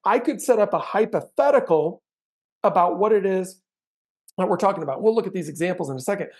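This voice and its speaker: A man giving an animated sales training talk, acting out client conversations with bursts of energy. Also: sits high, a little fast. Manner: animated, acts out sales dialogues with big swings in energy.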